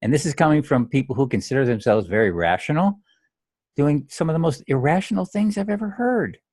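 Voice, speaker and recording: A man's voice: a little high, expressive, a little fast, darkish tone, no echo, studio quality. A man coaching golfers on their mental game, talking in a blunt, straight-talking way and saying phrases aloud to show the difference. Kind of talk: direct instructional monologue.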